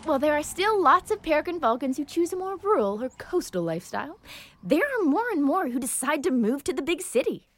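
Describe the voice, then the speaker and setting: Bubbly high-voiced woman hosting a kids' show. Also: slight background noise. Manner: bubbly, playful and expressive. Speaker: show host. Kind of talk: scripted kids' nature show narration.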